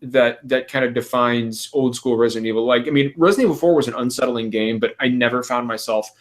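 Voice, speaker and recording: A man hosting a casual gaming podcast, telling stories excitedly and swearing freely. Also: mid-range voice, fairly quick. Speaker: podcast host.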